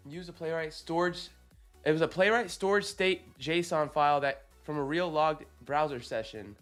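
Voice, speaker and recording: A man streaming live as he works, excitable and swearing, exclaiming in disbelief between quick technical explanations. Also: on the high side, faint music behind. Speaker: automation agency founder streaming live. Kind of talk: live-stream coding reaction.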